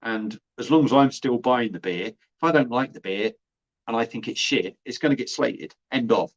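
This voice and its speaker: Bloke chatting on a livestream, blunt and sweary, mid-pitched voice, kinda muffled lo-fi sound. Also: male voice, moderate pace. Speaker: beer reviewer and livestream host. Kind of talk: casual livestream chat, reading viewer comments. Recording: dull lo-fi livestream audio.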